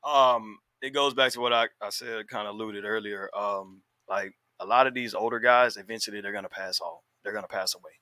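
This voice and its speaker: A man in a studio podcast, talking in a measured, reflective way with "um" pauses. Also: fairly low pitch, steady tone, sharp tone, dry recording. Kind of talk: casual podcast discussion.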